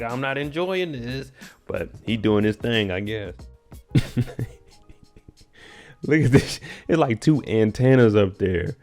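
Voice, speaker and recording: A man's voice: on the low side, vocal fry, a little mellow. A man casually recapping a TV episode, with laid-back, joking slang. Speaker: TV recap host.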